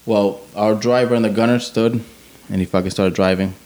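Man, 40s, veteran guest, low voice, profane, animated storytelling. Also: a little fast, poor audio. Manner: profane, animated, acts out sounds and quotes. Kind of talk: casual war storytelling.

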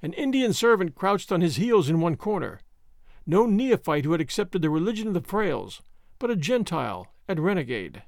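Male storyteller with a lively, high voice. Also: moderate pace, vocal fry, no room sound, studio quality. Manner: dramatic storytelling. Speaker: audiobook narrator. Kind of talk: scripted narration.

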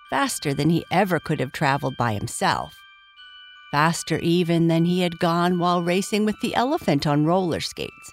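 Woman reading a children's story. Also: on the low side.

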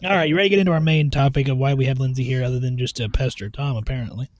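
A man co-hosting a podcast, casually chatting and reading out study findings in a steady, matter-of-fact way. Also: medium pitch, rapid-fire. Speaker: podcast co-host.

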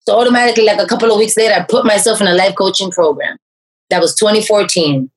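Husky-voiced woman telling her story. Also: quick pace, rough recording. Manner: animated storyteller, raises pitch to act out quoted speech; frequent fillers and restarts. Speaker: life coach. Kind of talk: personal story in an interview.

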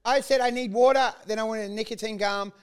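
High-voiced man telling a wild story. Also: fairly quick, clear, resonant tone. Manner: animated, laughing storyteller who acts out quotes. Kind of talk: casual storytelling chat.

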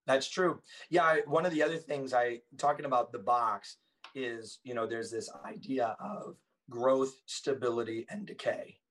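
An earnest man tells stories as a guest in a relaxed conversation. His voice is mid-pitched and sits a little back from the mic. He talks with emphatic conviction. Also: normal speed, distant mic, poor audio. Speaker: podcast guest, author and former police officer. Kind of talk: casual storytelling conversation.

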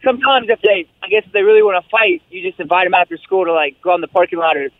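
A man in his twenties talking as a guest fighter by phone, relaxed and rambling with fillers. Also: high voice, very fast, no room sound. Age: 20s. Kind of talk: casual phone interview. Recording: tinny phone line.

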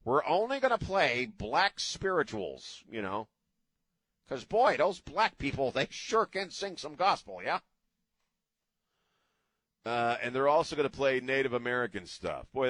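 A man's voice: fairly low pitch, fairly bright tone, no room sound. Sarcastic male talk radio host. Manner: sarcastic, mocking.

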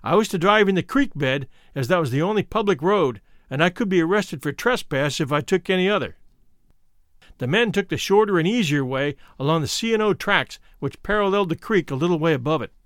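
A man with a high voice reads a first-person memoir with lively, expressive storytelling. His pitch moves a lot as he tells the story. The recording is close and dry, with no room sound. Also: a little fast, no echo. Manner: expressive storytelling reading, voicing quoted speakers. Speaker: audiobook reader. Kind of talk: scripted memoir narration.

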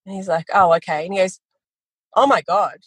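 Woman, guest storyteller, animated, laughs a lot, dry close sound. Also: medium pitch, fairly quick, slightly rough, no echo, poor audio. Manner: animated storytelling, quotes family in voices, laughs often. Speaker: guest, photography educator. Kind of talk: casual interview chat.

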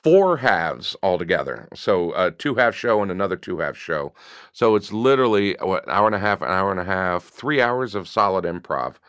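A man talking casually and telling stories about improv, bursting into high voices as he acts out characters. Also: normal speed, smooth, no room sound, clean studio sound. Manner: animated storyteller, jumps high acting out voices. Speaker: improv comedian guest. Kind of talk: casual storytelling chat.

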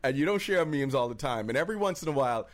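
A young man in an easygoing podcast chat, his voice sitting at an ordinary middle pitch. He argues his points with conviction and laughs readily along with his co-host. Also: animated, racing. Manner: opinionated, laughs easily. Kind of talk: casual podcast banter.

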